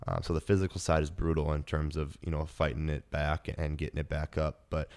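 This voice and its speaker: A man's voice: rumbling low, level tone, a little fast, darkish tone. A man in his twenties hosting a podcast, telling a personal story in an earnest, emotional way, with many fillers and restarts. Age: 20s. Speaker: podcast host.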